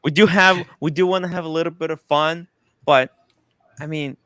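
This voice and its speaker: A man's voice: on the high side, fairly even intonation, moderate pace, fairly bright tone, smooth, no room sound, poor audio. A man hosting a livestream, speaking earnestly in loose, rambling sentences. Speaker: host. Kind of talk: casual livestream chat.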